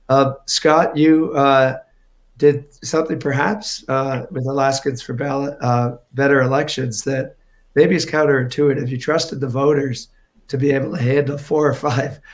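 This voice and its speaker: A hoarse man moderates a panel, his voice strained. He speaks in a flat, even tone, halting often with fillers and restarts. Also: mid-range voice.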